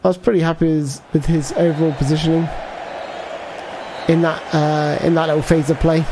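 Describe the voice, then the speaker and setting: Male livestreamer, slightly raised pitch; loose, meandering play-by-play and chat replies. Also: flat delivery, brisk, background noise. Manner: rambling, thinks aloud, reads out viewer chat. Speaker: gaming livestreamer. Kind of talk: casual live gameplay commentary.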